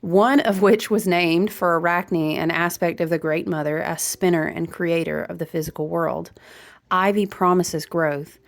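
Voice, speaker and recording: Chatty lower-voiced woman reading oracle cards. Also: steady tone, measured pace, gravelly. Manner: chatty, addresses viewers as "y'all", with frequent fillers. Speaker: oracle card reader. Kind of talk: casual spiritual reading.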